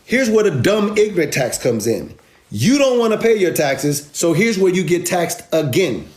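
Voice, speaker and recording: A man's voice: high-pitched, big pitch swings, normal speed. A man giving an emphatic, sarcastic, street-casual money rant with lots of repetition, recorded in an echoey room. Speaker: finance video host. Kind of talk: animated explainer rant.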